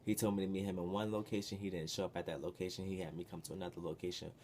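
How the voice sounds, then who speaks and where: A young man tells a wild story from his past to the camera. His voice sits fairly low, and he swings from muttering to loud, profane outbursts. It has the feel of a casual vlog. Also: racing, slight background noise. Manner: animated, profane, expressive with sudden loud bursts. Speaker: vlogger.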